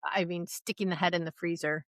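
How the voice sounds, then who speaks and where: A middle-aged woman co-hosts a podcast, swearing plenty and speaking frankly with a self-deprecating streak in casual banter. Her lowish, fairly bright voice moves a little fast with fairly even intonation, on a dry recording.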